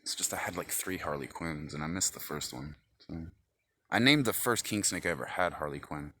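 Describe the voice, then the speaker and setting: Low, hard-edged man ranting. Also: fairly quick, sharp tone, slight background noise. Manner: agitated, profane ranting. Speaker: vlogger. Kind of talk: rambling monologue to camera.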